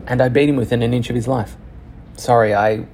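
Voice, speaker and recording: A young man telling a personal story frankly and profanely, halting often with restarts. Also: medium pitch, fairly even intonation, dark tone, a little hiss or hum. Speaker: channel host.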